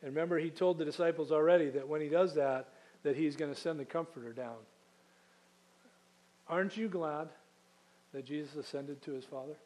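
A man preaching a sermon conversationally, asking rhetorical questions and slowing down to read scripture aloud. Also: a little high, a little mellow.

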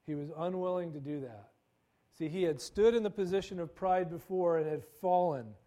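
High-voiced male pastor preaching. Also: normal speed, warm tone. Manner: conversational, acts out quoted dialogue with repeated stammers. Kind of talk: sermon.

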